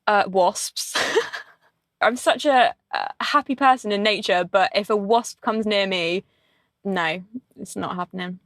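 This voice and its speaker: A woman answering interview questions, self-deprecating and quick to giggle. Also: mid-range voice, no echo. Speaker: interview guest, artist.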